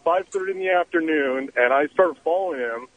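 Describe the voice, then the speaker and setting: A man calling in to a radio show, a private investigator telling a story in a halting way with many fillers. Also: on the high side. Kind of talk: phone-in storytelling. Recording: tinny phone line with faint noise.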